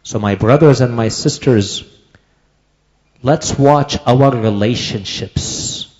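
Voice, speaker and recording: A man preaching a sermon to a community gathering, telling a story and slowing down to stress his points. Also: mid-range voice, a little mellow, highs cut off. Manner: storytelling, slows down for emphasis. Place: community hall.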